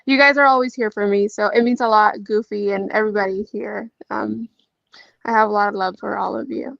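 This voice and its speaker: A woman speaking gently and gratefully in a casual live audio chat. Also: medium pitch, fairly even intonation, brisk, gravelly, no room sound, highs cut off.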